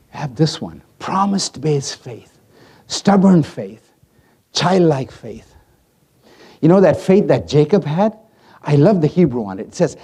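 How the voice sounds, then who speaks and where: Animated husky-voiced male preacher. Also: fairly high pitch, a little slow. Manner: animated, swings from hushed to loud, acts out voices. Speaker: pastor. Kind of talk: sermon.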